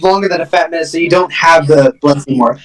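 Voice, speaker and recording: A man's voice: a little high, fast talker. A man running a tabletop game as dungeon master, narrating in a rambling, playful way. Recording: voice far from the mic.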